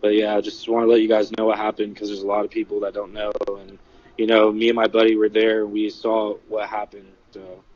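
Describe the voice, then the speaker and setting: A man telling what he witnessed in a casual livestream, halting and full of "like" and "you know". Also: fairly low pitch, monotone, darkish tone, highs cut off. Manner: halting, filler-heavy, many "like" and "you know". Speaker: eyewitness recounting an event. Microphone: phone.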